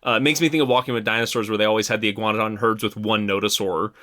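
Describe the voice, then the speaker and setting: A man's voice: fairly low pitch, steady tone, very fast, sharp tone. A man co-hosting a casual podcast, chiming in with enthusiastic agreement and his own ideas. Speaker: podcast co-host. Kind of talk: casual chat.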